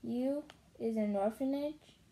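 Gentle male giant from a storybook, soft-hearted, jumbled grammar, mellow higher voice, put on by a woman reader. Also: takes it slowly. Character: big friendly male giant, kindly and gentle.

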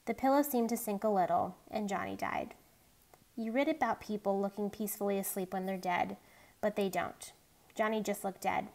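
Woman reading a book chapter out loud, steady plain delivery. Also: medium pitch. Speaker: reader. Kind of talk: reading a novel aloud.

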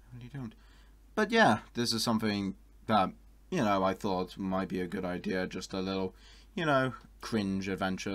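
A young man with a somewhat low speaking voice. He reacts to online art in a loose, chatty way. He often jumps into high, loud exclamations and laughs a lot. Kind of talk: casual reaction commentary.

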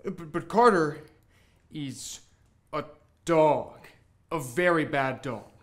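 An actor playing a simple-minded young man who speaks slowly and haltingly. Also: a little high, a bit bright. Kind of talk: student film acting.

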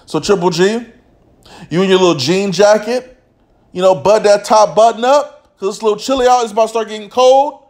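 A man's voice: high-pitched, a little fast, a little mellow. A man who runs a boxing channel, ranting casually in slangy, profane, mocking talk. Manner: reads a quote aloud in a stilted voice. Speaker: boxing commentary vlogger. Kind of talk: casual rant to camera.

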